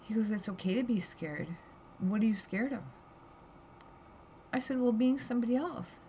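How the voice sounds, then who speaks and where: A woman's voice: on the high side, normal speed, dark tone. Tired, drowsy woman in a candid personal vlog, raw and rambling, dull lo-fi recording. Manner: raw, rambling, emotional storytelling. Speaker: vlogger. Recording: dull lo-fi audio with faint background hiss.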